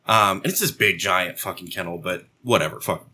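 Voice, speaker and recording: A man in casual chat, telling an animated story full of swearing and acted-out voices. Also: low-pitched, fairly quick, breathy edge. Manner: animated storyteller, mimics dogs and himself yelling, swears a lot.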